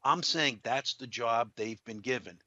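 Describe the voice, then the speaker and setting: A man as an interview guest, making a firm, measured argument. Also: mid-range voice, sharp tone, dry recording, highs cut off.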